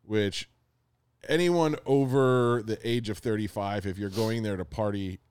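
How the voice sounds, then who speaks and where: A man's voice: fairly low pitch, measured pace, smooth, no echo. Man, nasal, teasing, tired, podcast co-host, dry close sound. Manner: teasing, laughs a lot, lively. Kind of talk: casual chat.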